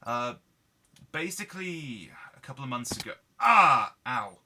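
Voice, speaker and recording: Guy, quiet and low-key, super bright tone, chatting while he plays. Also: big pitch swings, a little slow. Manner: subdued, quiet, candid. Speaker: gaming video host. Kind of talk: casual gameplay commentary.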